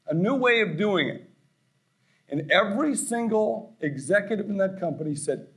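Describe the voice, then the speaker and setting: A middle-aged man delivers a keynote from a conference stage in a folksy, story-driven manner. His voice sits in a middle range but moves around a lot, climbing higher and louder as he gets going. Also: normal speed, low-quality recording. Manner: folksy, anecdotal, growing animated and loud. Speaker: keynote speaker.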